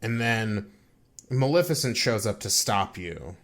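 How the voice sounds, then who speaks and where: A young man co-hosting a casual podcast, recapping a video game plot. His voice sits low, and he rambles, halting and restarting with plenty of fillers. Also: lively intonation, a bit bright. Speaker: podcast co-host.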